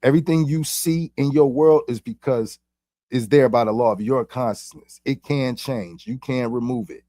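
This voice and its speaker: A man's voice: mid-range voice, normal speed, dark tone, no echo, clean studio sound. A man giving a rambling, profane spiritual monologue in casual street slang. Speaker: vlogger.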